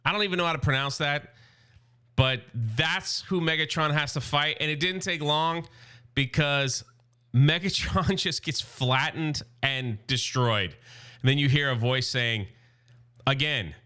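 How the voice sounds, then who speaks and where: A man's voice: a little high, unhurried, bright, forceful tone, smooth. A man hosting a casual, enthusiastic comic recap, chatty and full of filler words. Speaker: YouTube host recapping a comic series.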